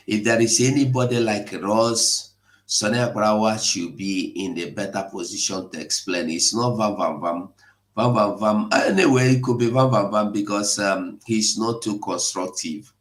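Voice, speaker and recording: A man hosting an impassioned live broadcast, pleading and emotional, at times rising to shouts. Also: lowish voice. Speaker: online broadcast host. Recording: echoey room.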